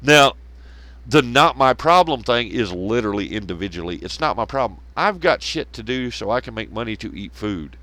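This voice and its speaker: A man's voice: medium pitch, animated, moderate pace, sharp tone. A man hosting a podcast, ranting casually and sarcastically, swearing constantly and laughing at his own jokes. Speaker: podcast host. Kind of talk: profane casual rant.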